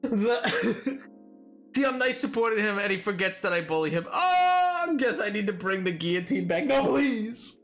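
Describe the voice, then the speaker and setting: A man's voice: sits high, animated, normal speed, fairly bright tone, faint music behind. A man streaming live, chatting casually with viewers in a rambling, self-mocking way and laughing often.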